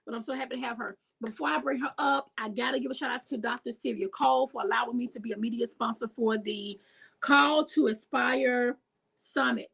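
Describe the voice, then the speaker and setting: A woman's voice: a little high, steady tone, fairly quick, vocal fry, a bit bright, breathy edge, rough recording. A woman hosting a talk show over a video call, bubbly and effusive, talking straight to her listeners. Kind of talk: enthusiastic video-call interview.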